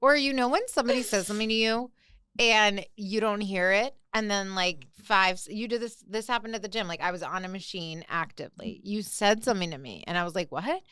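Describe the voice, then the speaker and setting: A woman's voice: mid-range voice, a little fast, clean tone, dry recording, studio quality. A woman co-hosting a podcast, telling stories in casual chat and acting out other people's lines. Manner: animated storyteller who mimics voices, lots of "like". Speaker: podcast co-host.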